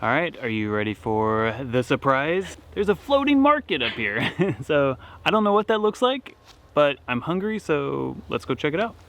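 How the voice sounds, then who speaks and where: A man chatting casually as a travel vlogger on a canal narrowboat, easygoing and quick to laugh. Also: a little high, very animated, fairly bright tone, slight background noise. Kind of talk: casual vlog chat.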